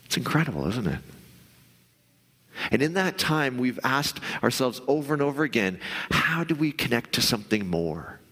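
A male pastor giving a conversational sermon, now and then acting out the voice in your head in a higher, pushier tone. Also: big pitch swings, normal speed, sharp tone, breathy edge, in a large hall. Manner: conversational, acts out inner voices in a raised pitch.

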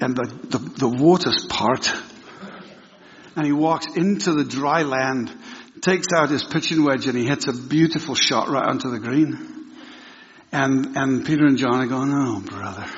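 A man on a church teaching team, giving a casual, joking sermon with many restarts and throat clearing. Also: mid-range voice. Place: church hall. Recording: echoey hall, dull lo-fi sound.

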